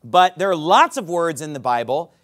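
A man's voice: fairly high pitch, expressive, normal speed, fairly bright tone. A man preaching a sermon. He teaches in an emphatic, conversational way, often checking in with "okay?" and "right?".

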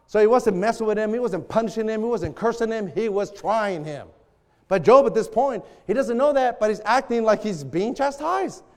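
A man preaching a sermon as a pastor, animated, acting out quoted prayers. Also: very high-pitched, moderate pace, big-room sound.

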